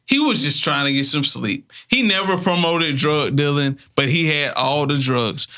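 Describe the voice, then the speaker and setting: A man's voice: on the high side, normal speed, bright, forceful tone. A man co-hosting a podcast, joking and riffing with plenty of swearing. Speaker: podcast co-host. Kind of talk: casual podcast chat.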